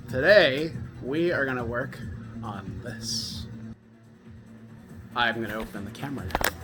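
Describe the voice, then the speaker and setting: A man's voice: mid-range voice, expressive, measured pace, long pauses. A middle-aged man hosting a casual garage vlog, chatty and self-deprecating, telling his story with animation. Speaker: garage tuning channel host. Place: home garage. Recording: music playing behind in garage. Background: music.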